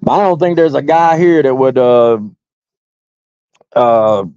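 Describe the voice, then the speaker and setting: A man's voice: medium pitch, a little slow, darkish tone, smooth, dry recording. A man ranting in a heated way, swearing constantly and rambling as he talks straight to his viewers. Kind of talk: heated profane rant. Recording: dull lo-fi audio.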